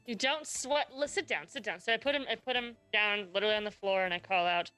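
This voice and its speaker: A woman playing a tabletop game, brisk and insistent in character. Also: medium pitch, pushed and bright, smooth, faint music behind, rough recording. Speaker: player. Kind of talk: tabletop role-play.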